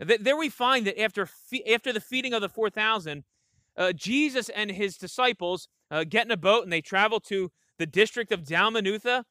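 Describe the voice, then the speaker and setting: A man's voice: sits high, brisk, bright, forceful tone, dry recording, studio quality. A man preaching a sermon, earnest and emphatic, often repeating himself and checking in with "right?". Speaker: pastor.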